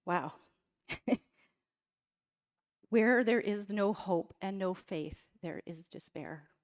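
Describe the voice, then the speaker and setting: A middle-aged woman giving a personal testimony talk in a church, telling her story dramatically and with feeling. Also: mid-range voice. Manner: emotional, dramatic storytelling with quoted outbursts. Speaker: guest speaker. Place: church sanctuary.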